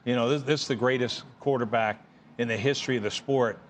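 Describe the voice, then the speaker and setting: A man's voice: mid-range voice, steady tone, brisk, slight background noise. A man giving opinionated studio commentary as an analyst, blunt and emphatic.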